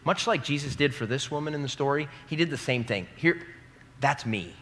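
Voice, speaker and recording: A young male pastor preaching a sermon to a live congregation, emphatic and building to loud peaks, asking the crowd to repeat lines after him. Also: on the high side, lively intonation, fairly quick. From American Midwest. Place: large hall before a live congregation. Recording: long hall reverb.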